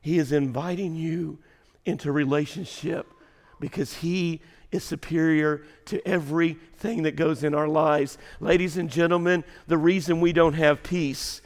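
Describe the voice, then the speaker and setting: Fiery preacher in a reverberant hall. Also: male voice, on the high side, steady tone, measured pace. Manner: swings between hushed storytelling and shouted emphasis. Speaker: pastor. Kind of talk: sermon. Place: large auditorium.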